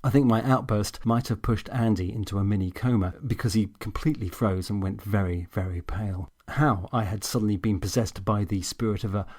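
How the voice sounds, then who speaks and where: A man's voice: on the low side, a little fast, hardly any pauses, darkish tone. A man reading a comedy audiobook in the first person, with a wry, self-deprecating delivery. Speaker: audiobook narrator.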